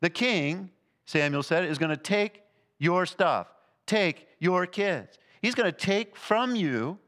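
Man preaching with emphatic swings. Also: fairly bright tone. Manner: emphatic preaching, rising and falling in pitch and volume. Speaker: pastor. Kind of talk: sermon.

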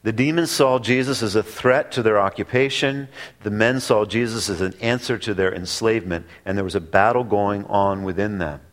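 Deliberate low-voiced male preacher. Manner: deliberate, with drawn-out pauses and emphatic repetition. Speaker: pastor. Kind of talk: expository sermon.

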